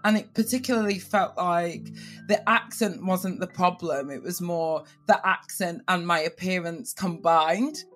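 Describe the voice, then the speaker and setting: A woman with a Northern English accent, speaking in a lowish register as she tells her personal story. She is animated and shifts her voice when quoting others. Soft music plays faintly underneath. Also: unhurried. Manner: animated, lively voice changes for quoted speech. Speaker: TV presenter.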